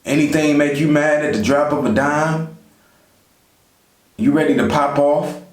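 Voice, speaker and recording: His voice sits a little high, with fairly even intonation and an unhurried pace. It's a casual motivational vlog: he speaks straight to viewers about life, saying "you know" a lot, and the room echoes.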